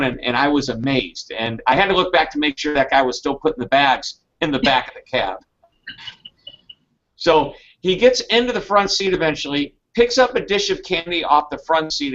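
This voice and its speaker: A man telling a story in a keynote talk, with a fairly high voice. He is animated and acts out the people he quotes. The sound is dull and lo-fi. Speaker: keynote speaker.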